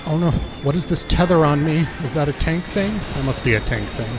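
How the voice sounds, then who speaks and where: A man streaming a video game live, reacting aloud in an excitable, jokey way. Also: on the high side, brisk, music in the background. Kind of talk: live gameplay commentary.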